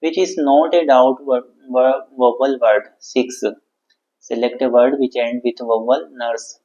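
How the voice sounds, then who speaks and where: A man, a teacher reading exam questions and answers aloud, halting and correcting himself along the way. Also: mid-range voice, steady tone, dark tone. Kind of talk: exam quiz walkthrough. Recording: dull lo-fi sound.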